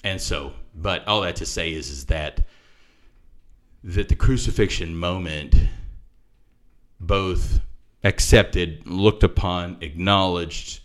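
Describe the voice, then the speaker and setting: A man talking through a scripture passage in casual chat, animated and laughing as he explains. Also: low voice, slow pace. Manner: animated, acts out quoted voices, laughs often.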